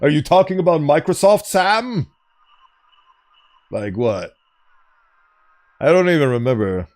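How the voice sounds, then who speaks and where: A man's voice: a little high, lively intonation, measured pace, darkish tone. A man streaming a game, chatting playfully with viewers and laughing often. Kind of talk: casual gameplay commentary.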